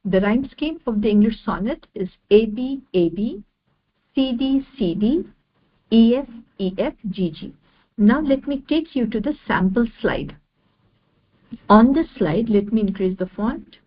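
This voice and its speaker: A woman giving an online lecture over slides, measured and repeating each definition step by step. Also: a little high, lively intonation, lo-fi sound.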